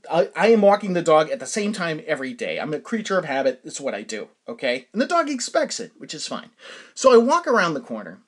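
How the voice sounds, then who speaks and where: Animated man telling a story. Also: high voice. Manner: animated, laughs often, lots of fillers and restarts. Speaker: podcast host. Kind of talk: casual storytelling chat.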